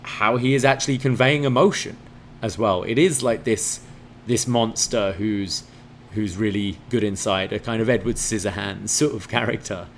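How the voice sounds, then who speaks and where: A man's voice: on the low side, steady tone, normal speed, vocal fry, slight background noise. A man reviewing a wrestling show in casual podcast chat, giving enthusiastic analysis with frequent fillers.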